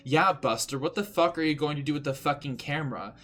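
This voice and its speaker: A man's voice: a little high, quick pace, fairly bright tone, lightly acted. A man voicing a melodramatic, lovesick teenage goth wizard in a live-streamed dramatic reading. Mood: indignant.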